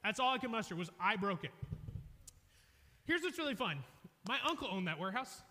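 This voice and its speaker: A young man preaching a sermon, telling a funny story loudly, with an animated, self-mocking manner. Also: high voice, a little fast. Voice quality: loud, energetic. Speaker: pastor. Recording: reverberant hall.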